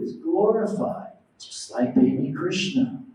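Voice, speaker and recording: A man's voice: sits high, expressive, a little slow, darkish tone. A man giving a devotional lecture as a preacher, telling stories and acting out quoted voices while questioning his audience. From United States. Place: temple hall. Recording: very echoey hall, mic at a distance.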